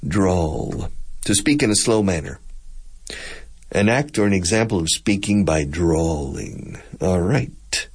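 A man with a Texan accent hosting a radio English lesson for Spanish speakers, chatty and quick to laugh as he explains words. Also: sits low, expressive, breathy edge. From Texas.

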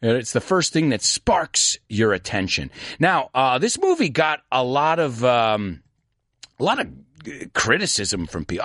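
A man with a New York accent hosting a casual studio chat, animated and laughing often. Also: mid-range voice, a little slow, dry recording. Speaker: host. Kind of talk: casual chat with live audience.

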